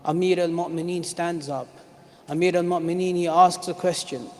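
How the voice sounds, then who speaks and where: A man preaching a mournful sermon, chanting and singing the lines and rising to shouts. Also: high-pitched, flat delivery, moderate pace. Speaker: preacher reciting a lament. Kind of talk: sung, mournful sermon recitation. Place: mosque hall. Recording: long mosque hall reverb.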